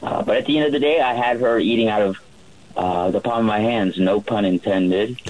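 Casting: husky, low male radio guest, easygoing raconteur full of "um"s. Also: brisk, rough recording. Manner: relaxed storyteller with many fillers and restarts. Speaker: yacht chef. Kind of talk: storytelling on a radio call-in.

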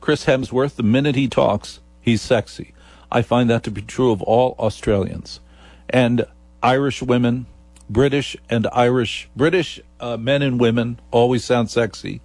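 A radio host from New Jersey, a man with a New Jersey accent, talks playfully on air. His fairly low voice is gravelly and husky, and he keeps slowing down into a deep, seductive register. The studio sound is dry and close. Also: darkish tone, no echo. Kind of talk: comic radio talk monologue.

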